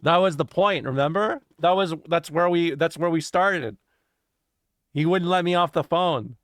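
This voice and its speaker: A woman's voice: on the low side, measured pace, dry recording, clean studio sound. A woman streamer in casual livestream chat from a home setup, rambling, swearing and interrupting herself with frequent laughs.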